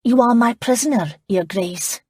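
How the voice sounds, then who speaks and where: A guarded, earnest young woman with a crisp accent, as a narrator puts her on. Her voice has a slightly breathy edge, recorded dry and up close in a storybook reading. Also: medium pitch, moderate pace, a little mellow, no room sound, pitched above the performer's own voice, lightly acted. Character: serious, wary young woman of poor means.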